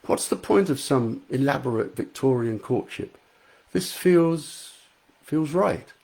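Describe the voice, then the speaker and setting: A man's voice: medium pitch, lively intonation, slow pace, creaky, darkish tone, voice pushed up, full character voice. A man reading his romance novel aloud at home, voicing an eager, playful young man. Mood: tender. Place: home front room.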